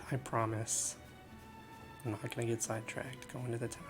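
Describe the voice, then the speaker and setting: A man's voice: lowish voice, flat delivery, fairly quick, music in the background. Chatty man streaming a game. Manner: chatty, joking, talks to chat. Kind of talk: casual gameplay commentary.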